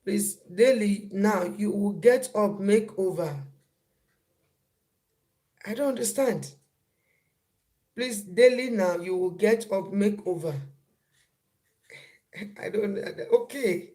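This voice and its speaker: A woman's voice: medium pitch, takes it slowly, long pauses, dark tone. Chatty woman hosting a live stream. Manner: repeats phrases, greets viewers mid-talk. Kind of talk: casual live-stream chat.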